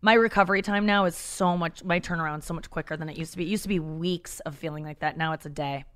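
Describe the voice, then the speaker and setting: A woman's voice: low-pitched, steady tone, fast, a bit bright. A woman talking candidly as a comedian guest in a podcast conversation, frank and self-deprecating, rambling with many restarts.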